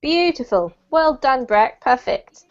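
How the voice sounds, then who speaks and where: A woman's voice: high-pitched, expressive, takes it slowly. A woman teaching English pronunciation in an online class, chatty and encouraging, with a light laugh. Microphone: video call. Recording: dull lo-fi call audio.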